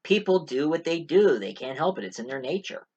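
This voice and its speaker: Calm, matter-of-fact male card dealer, acted by a man. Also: on the high side, a little fast, husky, muffled recording, voice pushed up. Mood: philosophical.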